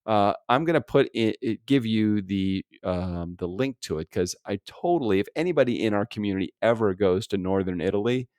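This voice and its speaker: A relaxed American man chats on a podcast, rambling through his story with frequent laughs and casual swearing. His voice sits on the lower side, and the recording is close and dry with no room sound. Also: fairly quick, few pauses, no echo. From United States. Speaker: podcast co-host. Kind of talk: casual chat. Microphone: remote podcast recording setup.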